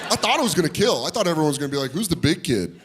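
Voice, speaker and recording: A man does rapid-fire stand-up at a comedy club, animatedly telling a story and jumping sharply in pitch to act out the people in it. Background noise and audience laughter fill the recording.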